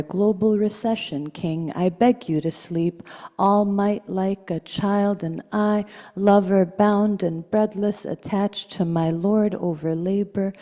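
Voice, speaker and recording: A woman poet giving a live poetry reading at a gallery, slow and incantatory, repeating words like a chant. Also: medium pitch, fairly even intonation, warm tone, big-room sound. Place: art gallery event space.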